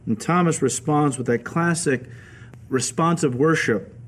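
A male pastor giving a radio Bible teaching sermon, telling the stories in a lively way and acting out the quoted voices. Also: a little high, measured pace. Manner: animated storytelling, acts out quoted voices.

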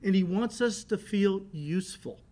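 Male pastor, middle-aged, high pitch; animated storytelling sermon with big volume shifts. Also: moderate pace.

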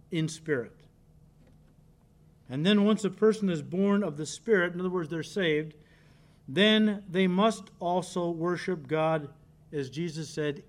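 A male pastor preaching a sermon, emphatic and direct with the congregation, repeating key words for stress. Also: high-pitched.

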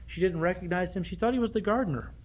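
High-voiced earnest male preacher. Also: fast talker. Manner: earnest, with many rhetorical questions. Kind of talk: sermon.

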